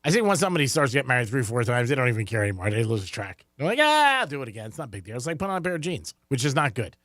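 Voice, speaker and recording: A man's voice: mid-range voice, very animated, very fast, fairly bright tone, dry recording, studio quality. A man co-hosting a radio show, chatting and rambling in casual banter. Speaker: radio co-host. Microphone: studio microphone.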